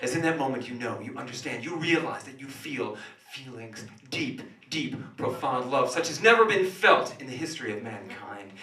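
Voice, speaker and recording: A man's voice: mid-range voice, a little fast, few pauses. Man doing stand-up in a roomy café. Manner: animated storytelling, switching between hushed asides and sudden loud outbursts. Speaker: comedian. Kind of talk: stand-up comedy monologue. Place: small café stage. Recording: roomy café sound from a distant camera.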